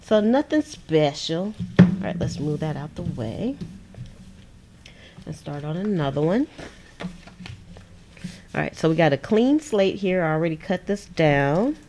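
A woman's voice: sits low, big pitch swings, measured pace, long pauses, warm tone, a little hiss or hum. A woman hosting a crafting livestream from her desk at home, chatting casually, laughing often and answering viewers' comments. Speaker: crafting channel host.

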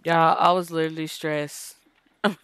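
Slow, chatty woman gaming host. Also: sits low, level tone, fairly bright tone, clean tone, dry recording. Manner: chatty, slangy, breaks into sing-song. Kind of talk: casual gameplay commentary.

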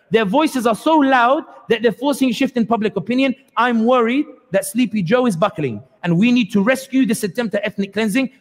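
Passionate male lecturer in a hall. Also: high-pitched. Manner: passionate, sarcastic, acts out quotes. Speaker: guest speaker. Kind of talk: public lecture. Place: community hall. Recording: long hall reverb.

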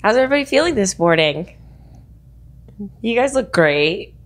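A woman's voice: mid-range voice, sing-song, normal speed. A young woman guest on a casual podcast who has just woken up, bubbly and playful. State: just woke up.

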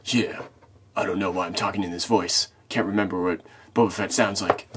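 A man voicing a gruff male bounty hunter who lost his armor, in a low, mumbled, self-mocking put-on voice. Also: steady tone, brisk, noisy background, natural voice. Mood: grumbling.

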